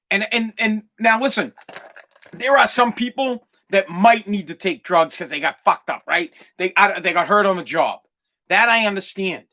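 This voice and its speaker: A middle-aged podcast host, his voice pitched high and bright with a sharp, forceful edge. He rants bluntly and swears constantly. He mocks the people he criticizes in whiny voices. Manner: profane, combative, mocking put-on whiny voices. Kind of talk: blunt opinion monologue.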